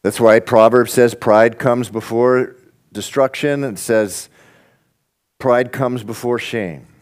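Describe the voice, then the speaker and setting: A man preaching a sermon, reading scripture and swinging between loud emphatic bursts and quiet, intense asides. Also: mid-range voice, steady tone, slow. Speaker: pastor.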